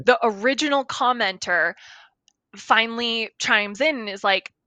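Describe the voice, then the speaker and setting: Bright animated woman chatting. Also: on the high side, a little slow, dry recording, low-quality recording. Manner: animated storyteller, laughs often. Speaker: co-host. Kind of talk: casual chat.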